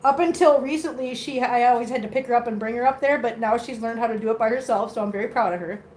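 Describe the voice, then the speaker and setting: Woman streamer, higher-pitched, chatty, coos at her cats in a home room. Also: fast, darkish tone, slight background noise. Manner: baby-talk to cats, chatty with viewers. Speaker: host of a cat-care livestream. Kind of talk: casual livestream chat.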